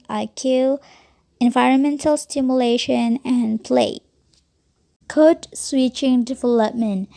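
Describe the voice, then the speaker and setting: Slow, gravelly-voiced woman reading a lecture. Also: fairly high pitch, warm tone. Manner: slow, careful reading with occasional self-corrections. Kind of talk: reading a textbook aloud as a lecture.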